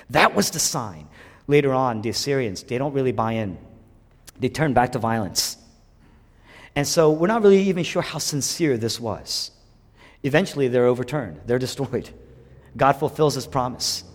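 A man preaching a sermon, swinging between loud emphatic preaching and hushed, whispered passages. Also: mid-range voice, very animated, moderate pace. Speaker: pastor. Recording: long hall reverb.

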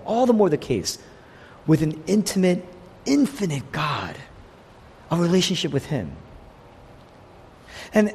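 A man preaching a sermon, delivering it in an animated way and voicing the people he quotes. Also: high voice, slightly rough. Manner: animated preaching, quotes figures in voiced asides. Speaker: pastor. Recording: long hall reverb.

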